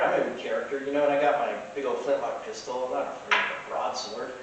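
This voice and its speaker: A man's voice: mid-range voice, fairly even intonation, fast talker. A man casually telling rambling anecdotes from costume fairs. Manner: rambling, chatty. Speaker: storyteller. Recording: echoey room, distant mic, faint hiss.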